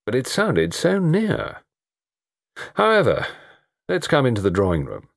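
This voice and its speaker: A man voicing a calm, wry man of thirty-five in a storybook reading. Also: mid-range voice, a little slow, gravelly, no room sound, clean studio sound, voice pushed up, full character voice.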